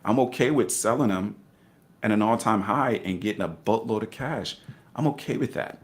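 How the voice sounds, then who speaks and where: A man talking about investing as a podcast guest, emphatic and animated, repeating his key points. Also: fairly low pitch, normal speed. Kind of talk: casual podcast conversation.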